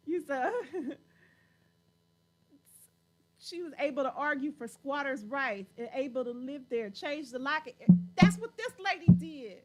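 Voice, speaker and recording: A woman's voice: sits high, expressive, slow pace, pauses often. A woman hosting a casual livestream chat, playful and teasing, laughing often as she reads viewer comments.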